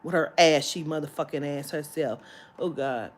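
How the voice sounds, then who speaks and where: A woman's voice: low voice, moderate pace. A woman vlogger telling a story in a heated, profane rant that breaks into laughter.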